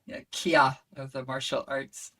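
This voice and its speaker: A woman voice coach who is a guest on a podcast, talking in an expressive, animated way. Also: a bass voice, normal speed, distant mic.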